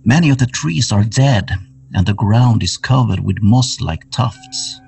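A man narrating a horror tabletop game as game master, setting each scene slowly and atmospherically. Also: fairly low pitch, vocal fry, a little mellow. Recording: somewhat distant mic with music underneath.

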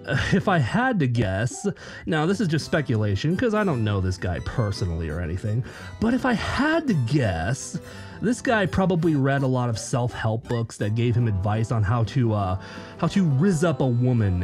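A man's voice: mid-range voice, big pitch swings, moderate pace, darkish tone, faint music behind. A man hosting a reaction commentary, dry and sarcastic. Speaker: commentary host.

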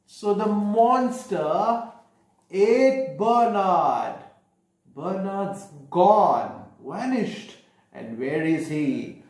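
Slow, lively man reading to children. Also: sits high. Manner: asks children questions, explains each page. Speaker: storyteller. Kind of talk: reading a picture book aloud to children. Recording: echoey room.

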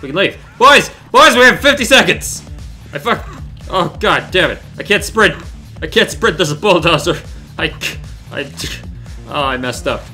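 A man giving solo gameplay commentary, shouting and swearing at the game and cracking sarcastic jokes, with faint game music behind. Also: on the high side, animated, moderate pace. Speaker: let's play gamer.

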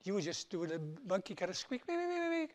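A man voicing a wise old turtle who gives patient, slow advice. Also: high-pitched, steady tone, lightly acted.

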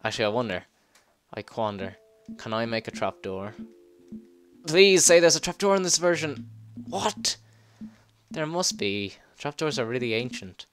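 A man giving casual gameplay commentary, excitable, swearing and laughing as he plays. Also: medium pitch, no echo, faint music behind. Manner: excitable, swears and laughs, quick yelps when startled. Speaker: let's play gamer.

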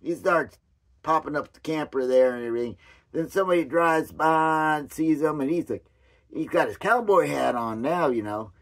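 A hoarse man talks through a loose, rambling commentary, wandering off mid-thought and doubling back. His voice sits a little higher than most men's. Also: lively intonation, moderate pace. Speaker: commentary vlogger.

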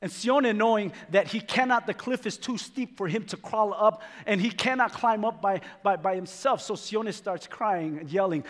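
High, bright-voiced preaching man. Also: moderate pace, hardly any pauses. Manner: emphatic, repetitive preaching with stumbling restarts. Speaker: pastor. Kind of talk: sermon. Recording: reverberant hall with faint music.

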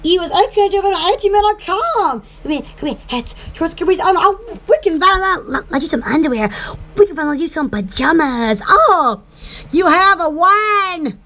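A woman's voice: very high-pitched, lively intonation, moderate pace, sharp tone. A woman, chatting in a rambling, bubbly way as an online shop host, often breaking into giggles. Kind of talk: casual rambling chat.

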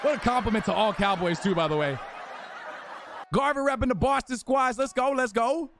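A young man livestreaming a football video game, casually chatting with viewers, shouting them out and teasing them. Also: very high-pitched, moderate pace. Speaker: live streamer playing a football video game. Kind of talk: casual livestream chat, reading chat aloud. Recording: home stream with game crowd noise. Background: game stadium crowd and commentary.

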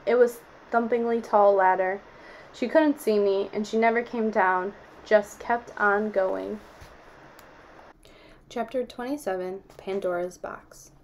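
Calm, even-voiced woman reading a novel aloud. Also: mid-range voice, a little slow, slight background noise. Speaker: audiobook reader.

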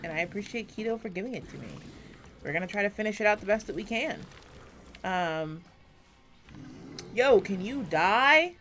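A woman giving casual, rambling commentary while playing a video game, self-deprecating and swearing often, swinging between quiet and loud, on a close desk mic. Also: medium pitch, expressive, moderate pace, pauses often, faint music behind. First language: English. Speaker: gaming YouTuber.

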